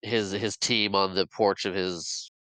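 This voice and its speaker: A man's voice: low-pitched, fairly even intonation, unhurried, bright, forceful tone, dry recording, low-quality recording. A man casually retelling a film's plot on a podcast, rambling and giggly with frequent restarts. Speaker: podcast co-host. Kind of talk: casual film recap.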